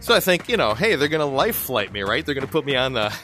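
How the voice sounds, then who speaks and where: Chatty, bright-voiced man telling a story. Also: medium pitch, very animated, quick pace, soft background music. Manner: chatty, laughs often, many restarts. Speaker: gaming video host. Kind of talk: casual storytelling over gameplay.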